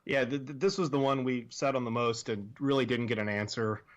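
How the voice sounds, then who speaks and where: A man with a mid-range voice talks through his team's trivia guesses. He chats freely and is quick to poke fun at how little they know. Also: mid-range voice, lo-fi sound. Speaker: guest quiz contestant. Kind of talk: casual podcast chat.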